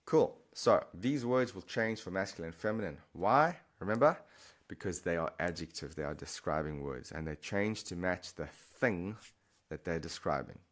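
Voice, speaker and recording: A deep-voiced man explains word patterns in a relaxed, chatty teaching voice. He keeps checking in with the listener and restates points as he goes. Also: moderate pace. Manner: chatty, encouraging, repeats and restarts while explaining. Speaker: Spanish teacher. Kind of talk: explaining vocabulary to camera.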